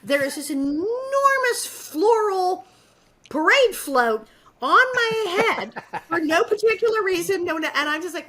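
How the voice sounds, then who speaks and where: A woman in her sixties co-hosting a podcast, recapping an episode in lively, self-mocking stories. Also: high voice, moderate pace. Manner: animated, self-mocking storytelling. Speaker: podcast co-host. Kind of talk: casual chat recap. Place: podcast recording.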